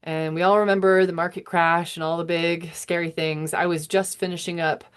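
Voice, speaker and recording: Woman astrologer in her thirties, slightly low voice, casual wandering monologue that interrupts itself and chuckles. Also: flat delivery, normal speed, clean tone. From United States. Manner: meandering, self-interrupting, chuckling.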